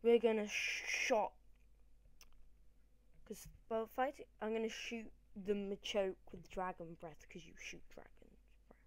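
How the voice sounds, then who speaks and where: A woman gamer talks through her battles in rambling, excitable commentary. Her voice sits at a middling pitch, cheering loudly one moment and mumbling the next. The sound is dry and close, picked up by a desk microphone. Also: unhurried, long pauses, no echo. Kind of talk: let's-play commentary.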